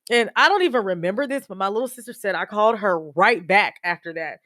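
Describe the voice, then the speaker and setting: A woman's voice: mid-range voice, expressive, fast, hardly any pauses, a bit bright, no echo, studio quality. A woman podcast host telling a personal story with emotion, talking straight to her listeners. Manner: emotional, addresses listeners as y'all.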